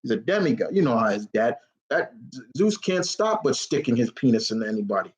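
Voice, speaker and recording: With a sing-song, mid-range voice and a fairly quick pace, a young man runs a casual live question-and-answer stream. He rambles, stays blunt, and swears freely, all on poor-quality audio.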